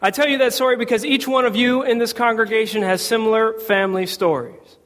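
High-voiced male pastor in a reverberant church. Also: steady tone, a little fast, fairly bright tone. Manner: conversational storytelling with frequent fillers and restarts. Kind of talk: sermon. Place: church sanctuary.

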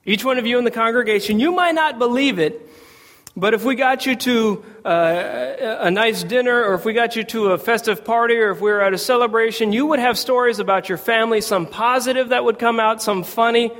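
A man, a pastor, preaching a sermon in a church and telling a family story in a relaxed, conversational way full of fillers and restarts. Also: extremely high pitch, brisk, big-room sound. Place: church sanctuary.

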